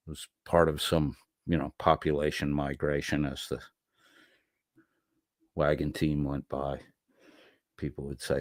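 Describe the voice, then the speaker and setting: A man's voice: low voice, steady tone, unhurried, no room sound. A middle-aged man rambling through an unprepared monologue as a livestream host, reading chat messages aloud with a profane, sardonic edge. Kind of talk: unscripted monologue, casual chat.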